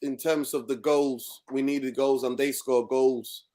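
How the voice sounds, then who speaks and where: A man giving a casual football rant as a guest, animated and exasperated. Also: mid-range voice, unhurried. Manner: ranting, animated. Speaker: guest pundit.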